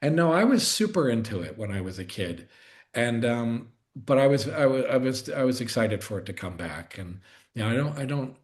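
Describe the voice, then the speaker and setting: A man's voice: medium pitch, sing-song, moderate pace, a little mellow. A middle-aged actor chatting as a guest on a video call, talking in restarts and self-interruptions and growing more enthusiastic as he goes. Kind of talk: casual interview chat.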